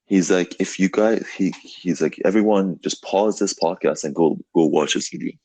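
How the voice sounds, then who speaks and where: Young male podcast host, low husky voice, animated and loose, leans on "dude" and "like". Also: moderate pace, no echo. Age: young adult. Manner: animated storytelling, heavy on "like" and "dude". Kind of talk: casual chat.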